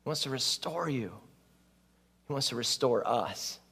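A man's voice: medium pitch, animated, unhurried, a bit bright, breathy edge. A male pastor preaching a sermon in an earnest, conversational way, often laughing at his own stories.

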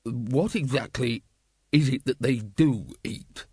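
A man's voice: mid-range voice, slow, warm tone, husky, dry recording, clean studio sound. A man doing a fretful merchant leader. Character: worried, practical man merchant.

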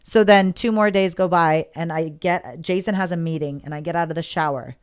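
Woman, somewhat low voice, candid personal storytelling, emotional, rambling, repeats words. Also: brisk, clear, resonant tone. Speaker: guest.

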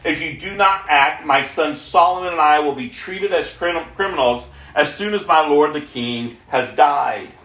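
A man's voice: a little high, moderate pace, hardly any pauses, a bit bright. A man reading aloud the lines of a pleading royal mother in a plain, earnest voice, in an echoey room. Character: Bathsheba, royal mother pleading with the old king.

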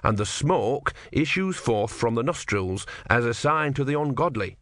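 A man's voice: mid-range voice, animated, normal speed, a bit bright, no echo, clean studio sound, natural voice. A man voicing an earnest, naive young male novice monk who is devout and proud of his faith. He speaks in an eager, preachy way.

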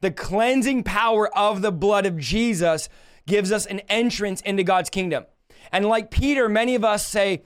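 High-voiced impassioned male preacher. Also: smooth. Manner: impassioned, emphatic, rises in pitch on rebukes; slows to drawn-out delivery when quoting scripture. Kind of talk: livestreamed sermon.

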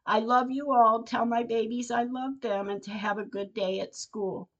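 A woman's voice: a little high, steady tone, normal speed. An older woman, a podcast host, reading her personal diary entries aloud in an earnest, heartfelt way. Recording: dull lo-fi recording.

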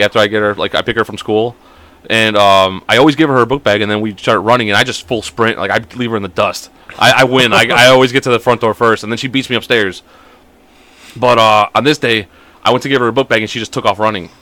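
A man's voice: fairly low pitch, fast talker, pushed and bright, no room sound. A young man hosting a podcast, telling stories in casual chat, swearing freely and laughing often. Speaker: podcast host.

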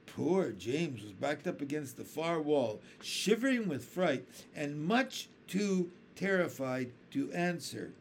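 A man reading a children's book aloud with expressive storytelling. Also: on the high side, slow pace, few pauses, slight background noise. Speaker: reader.

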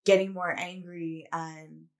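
A woman with a lowish voice hosts a casual podcast chat. She tells personal stories in a candid, reflective way, with lots of "like" and "you know". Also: level tone, slow. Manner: candid, reflective storytelling with many "like"s. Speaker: podcast co-host.

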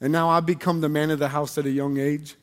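A man preaching a sermon, telling personal stories in an animated, conversational way and asking the audience questions. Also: on the high side, fast talker, clear, resonant tone. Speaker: pastor.

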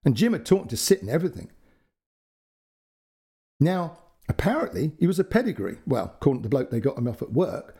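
Husky man telling a story. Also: on the high side, sing-song, fairly quick, long pauses. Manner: chatty, warm anecdotal storytelling with asides. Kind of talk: first-person story narration.

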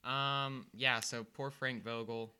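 Young dude cohosting a podcast, super sharp bright voice, dry jokes. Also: male voice, mid-range voice, steady tone, slow, a little hiss or hum. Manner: dry quips, short interjections. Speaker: podcast co-host. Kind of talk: casual sports chat.

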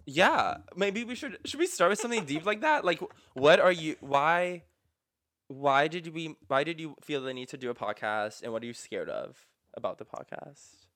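A man's voice: fairly high pitch, expressive, moderate pace, a bit bright. A man co-hosting a podcast in casual chat, rambling and using lots of filler words. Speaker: podcast co-host.

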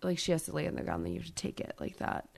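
A woman in her thirties co-hosting a podcast, chatting casually and bluntly with plenty of swearing, loud and emphatic when ranting. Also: sits low, big pitch swings, rapid-fire, vocal fry. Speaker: podcast co-host. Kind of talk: casual chat.

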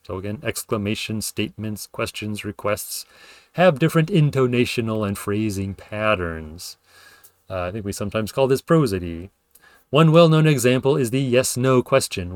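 A podcast host explaining linguistics thinks aloud in a lecture style, using fillers and correcting himself as he goes. He acts out example sentences with playful intonation, and his medium-pitched voice is dryly recorded.

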